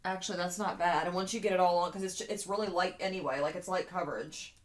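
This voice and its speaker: A woman's voice: lowish voice, fairly even intonation, fast talker, slight background noise. A middle-aged woman chatting casually with her daughter while doing makeup, teasing and laughing often. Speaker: beauty vlogger, mother. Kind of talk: casual chat.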